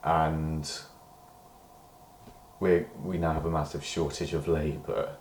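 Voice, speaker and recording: A man's voice: rumbling low, level tone, takes it slowly, a little mellow, reverberant, slight background noise. A British man in a rambling personal diary monologue, meandering and hedging, swearing when he gets worked up. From Britain. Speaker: diary vlogger.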